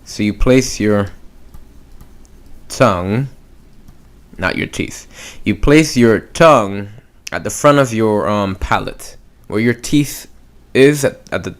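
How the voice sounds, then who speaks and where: A male teacher with a somewhat low voice takes a beginners' class through pronunciation. He talks very slowly and leaves long gaps. He repeats each sound patiently so learners can follow. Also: expressive. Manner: patient, drawn-out pronunciation demos. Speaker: language teacher. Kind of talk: slow spoken lesson.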